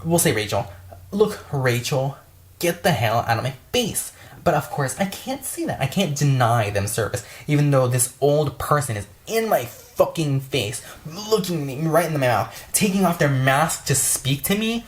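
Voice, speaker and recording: A woman's voice: low voice, lively intonation, normal speed, hardly any pauses, a little hiss or hum. A young woman store worker ranting in a casual vlog, swearing often and exasperated, full of fillers.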